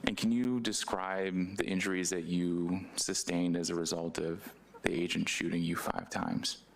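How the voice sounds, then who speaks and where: A man questioning a witness at a public hearing in measured, careful questions. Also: low-pitched, level tone, gravelly. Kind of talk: formal questioning.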